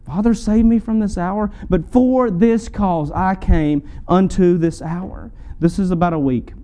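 A man's voice: high voice, a little slow, few pauses, warm tone. A man preaching a sermon, building with emphatic repetition and rising fervor. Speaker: pastor.

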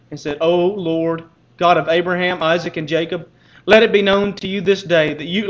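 A man preacher reading scripture aloud with dramatic emphasis, lifting his voice for the quoted speeches. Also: dull audio. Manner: rises in pitch and volume for quoted lines.

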